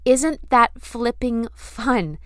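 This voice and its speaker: A woman's voice: fairly high pitch, lively intonation, extremely slow, a bit bright, dry recording, clean studio sound. A young adult woman hosting her own podcast, talking in a casual, earnest, effusive way and repeating phrases for emphasis. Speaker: podcast host. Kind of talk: casual spiritual podcast monologue.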